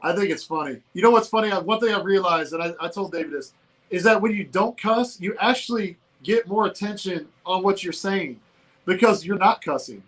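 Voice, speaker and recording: A man co-hosting a casual political talk show, animated and laughing often, from Georgia in the United States. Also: sits high, brisk, rough recording. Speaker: co-host.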